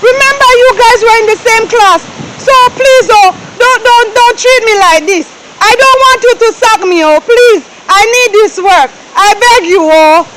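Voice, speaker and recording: A woman's voice: extremely high pitch, moderate pace, noisy background. A woman playing a tearful young Jamaican maid. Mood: pleading. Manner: pleading, tearful, ends phrases with "oh". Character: young, pleading household maid.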